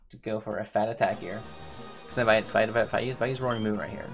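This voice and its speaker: A man's voice: on the low side, fairly even intonation, fast talker, vocal fry, over music. A man giving casual gameplay commentary, thinking aloud, repeating himself and talking to his game characters. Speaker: gaming YouTuber.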